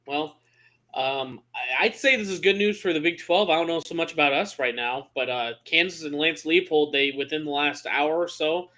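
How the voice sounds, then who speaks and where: Man, podcast co-host, bright tone, casual rambling sports chat. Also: on the high side, normal speed. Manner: joking, rambling with restarts.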